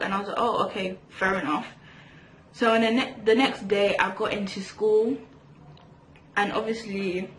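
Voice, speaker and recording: A young woman from England, telling a rambling storytime while doing her makeup, full of fillers and restarts. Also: medium pitch. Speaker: vlogger. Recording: echoey room with faint hiss.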